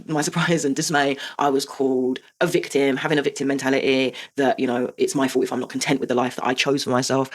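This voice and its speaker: Fast-talking woman venting. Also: very deep voice. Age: 40s. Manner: emphatic and heartfelt, swears, asks rhetorical "right?". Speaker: host. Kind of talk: personal confessional monologue.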